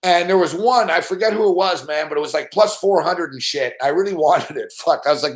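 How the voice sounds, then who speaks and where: A man with a high voice rants about a lost bet, swearing nonstop and acting out every moment. The echo of a bare room rings around his words. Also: a little fast, few pauses. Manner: swears constantly, animated, acts out scenes. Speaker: sports betting show host. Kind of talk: profane ranting live-stream chat.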